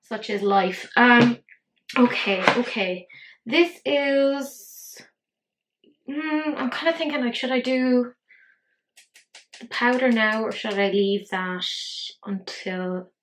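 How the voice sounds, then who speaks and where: A woman's voice: a little high, takes it slowly, pauses often, slight background noise, poor audio. A woman in her thirties chatting casually through a makeup tutorial. She swears freely and talks to herself as she works. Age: 30s. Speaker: beauty vlogger.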